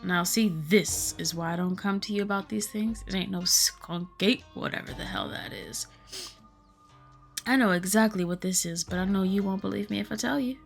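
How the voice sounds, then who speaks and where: A woman's voice: mid-range voice, moderate pace, gravelly, natural voice. Lady doing a grumpy old southern hillbilly guy, scolding and folksy, faint music under it. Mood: stubborn. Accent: put-on Southern US. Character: gruff old male hillbilly hunter, cranky. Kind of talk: reading a game aloud.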